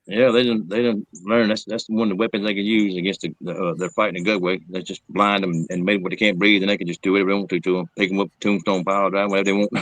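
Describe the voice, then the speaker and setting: A man's voice: low-pitched, flat delivery, fast, fairly bright tone, poor audio. A man hosting a casual chat, rambling and laughing often as he tells stories. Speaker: show host.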